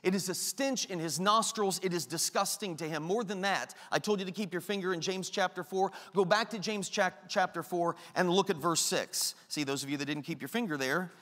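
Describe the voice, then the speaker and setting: Man preaching, high-pitched voice, emphatic repetition, rhetorical questions, long hall reverb. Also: brisk, few pauses, a bit bright. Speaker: pastor. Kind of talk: sermon.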